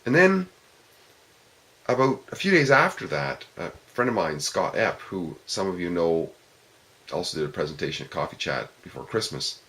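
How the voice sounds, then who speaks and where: A man's voice: deep voice, fairly bright tone. A man giving an informal philosophical talk to a discussion group, reflecting step by step and posing questions to his listeners.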